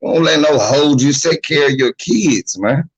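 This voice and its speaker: A man's voice: a little high, normal speed, slightly rough, dull audio. A man giving blunt, profane, streetwise advice in a casual monologue, acting out the voices of the people he talks about. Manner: acts out quoted voices of others.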